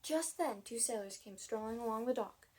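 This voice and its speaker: A woman's voice: on the high side, lively intonation, normal speed, darkish tone, a little hiss or hum, poor audio. A woman narrating a children's storybook in a casual reading style with occasional restarts and asides. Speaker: audiobook reader.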